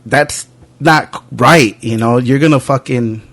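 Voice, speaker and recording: A young man hosting a podcast, telling animated anecdotes in casual chat with frequent profanity. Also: medium pitch, slow pace. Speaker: podcast host.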